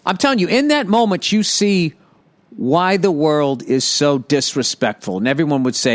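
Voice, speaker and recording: A man's voice: a little high, normal speed. Ranting, profane man on a podcast. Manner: profane, emphatic, sarcastic ranting; stammering restarts when worked up. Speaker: podcast host. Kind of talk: solo podcast rant.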